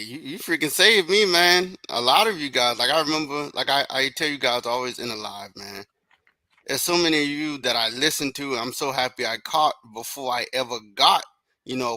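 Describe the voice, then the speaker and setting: A man co-hosting a podcast, talking in excitable, slangy casual chat. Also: mid-range voice, no room sound.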